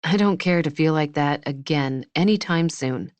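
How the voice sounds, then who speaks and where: Woman reading an easygoing grown man, attentive, teasing, low, dry close sound. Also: normal speed, a little mellow, dry recording, natural voice.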